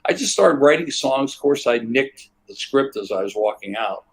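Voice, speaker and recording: An older man with a husky, breathy voice tells rambling stories as an interview guest. He talks in a loose, relaxed way and slips into the voices of the people in his tales. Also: medium pitch, normal speed. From United States. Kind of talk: relaxed anecdotal storytelling.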